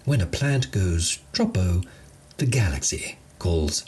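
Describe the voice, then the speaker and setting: A man's voice: low voice, big pitch swings, takes it slowly, darkish tone, breathy edge. A man giving a wry scripted narration of a comedic sci-fi story.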